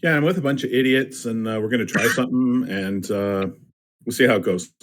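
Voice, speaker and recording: A man's voice: mid-range voice, fairly quick. Playful man playing a tabletop game. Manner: playful, boastful, many fillers. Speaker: player. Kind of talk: in-character tabletop play.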